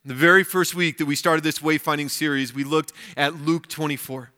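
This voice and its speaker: A man's voice: on the high side, fairly even intonation, normal speed, bright, forceful tone. A male pastor giving a weekend sermon, reading scripture aloud and commenting on it.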